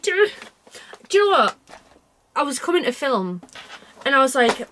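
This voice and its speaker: British woman chatting from her bedroom about stitching, wanders off topic a lot, bit of a higher voice. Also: sing-song, moderate pace, long pauses, a bit bright, slight background noise. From United Kingdom. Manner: rambling, chatty and self-deprecating, with frequent asides. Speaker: cross-stitch vlogger. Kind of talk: casual chat to camera.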